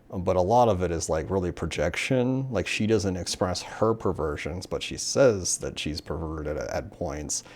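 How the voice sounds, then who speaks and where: A young man with a deep, low-pitched voice talks casually about a manga he has read. He rambles and fills his sentences with "like" and "um", and now and then slips into the characters' lines. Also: a little mellow. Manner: rambling, many fillers, acts out character lines. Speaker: manga reviewer. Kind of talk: casual solo discussion.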